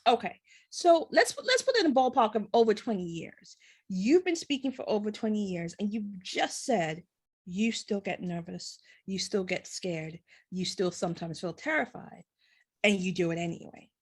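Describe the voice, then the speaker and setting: A woman's voice: medium pitch, lively intonation, normal speed, husky. A woman hosting an interview show, talking casually with a guest and sharing her own stories in an encouraging, self-deprecating way. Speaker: show host.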